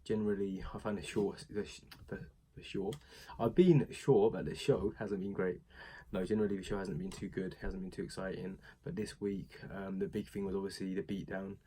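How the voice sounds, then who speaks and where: Young adult man, British accent, low voice, flat delivery, chatty rambling wrestling recap. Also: fairly quick, husky. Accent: British English. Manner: rambling, chatty, with frequent fillers and asides. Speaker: wrestling show reviewer. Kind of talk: casual recap vlog.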